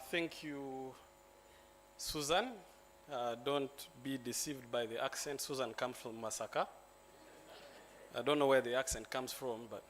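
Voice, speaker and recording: A Ugandan man, a lawyer, giving a joking, relaxed talk at a conference. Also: medium pitch, a little hiss or hum. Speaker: lawyer and speaker. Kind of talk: symposium presentation. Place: conference hall.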